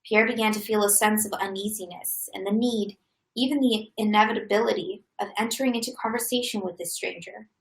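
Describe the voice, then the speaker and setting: A woman reading a novel aloud in a steady, even manner. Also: mid-range voice, fairly quick, creaky. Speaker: reader. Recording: roomy echo.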